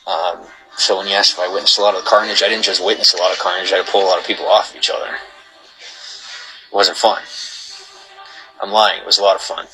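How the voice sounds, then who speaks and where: Deep-voiced man heated on a livestream. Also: flat delivery, a little fast, long pauses, sharp tone, soft background music, poor audio. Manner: heated, rambling, repeats himself. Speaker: livestream host. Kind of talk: casual livestream chat reading viewer comments.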